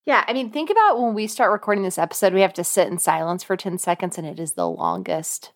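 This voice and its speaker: A woman's voice: fairly low pitch, very animated, no echo. Chatty woman co-host, dry close sound. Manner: quick reactive remarks, chatty. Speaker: podcast co-host. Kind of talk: true crime podcast chat.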